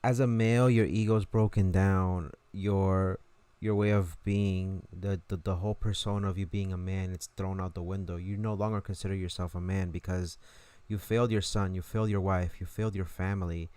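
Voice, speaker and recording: A man's voice: low voice, steady tone, moderate pace, few pauses, mellow, clear, resonant tone, no echo. A man streaming and commenting on a game in a casual, reflective way, often restarting his sentences.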